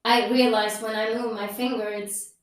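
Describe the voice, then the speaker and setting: A woman's voice: on the high side, a little slow. A woman hosting a podcast, telling a personal story candidly in non-native English, swearing freely and acting out what others said. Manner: candid, swears freely, acts out quoted people. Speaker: podcast host. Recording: very echoey room, mic far off.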